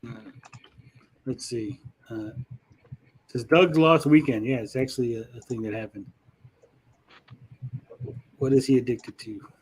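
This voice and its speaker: A man hosting a loose, casual panel chat, with a middling pitch. He rambles through thoughts with plenty of fillers and the odd swear word. Faint noise sits under his voice. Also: measured pace, pauses often, a little mellow. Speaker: podcast host.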